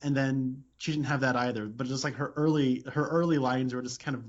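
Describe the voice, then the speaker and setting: Halting man laughing through a podcast. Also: mid-range voice, steady tone. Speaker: podcast co-host. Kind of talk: casual chat. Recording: dull lo-fi sound.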